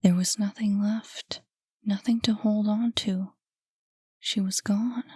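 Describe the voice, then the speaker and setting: A woman narrating an audiobook in a soft, hushed voice. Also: medium pitch, steady tone, slow, slightly rough, no echo, clean studio sound. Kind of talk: scripted narration.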